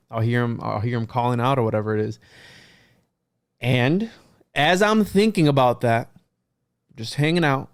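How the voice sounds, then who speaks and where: A male podcast host in an easy, conversational storytelling mode, his voice smooth and clear at a middle pitch. He gets animated as he acts out quotes from other people. The sound is close and dry, with no room around it. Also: dry recording. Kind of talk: casual storytelling to guests.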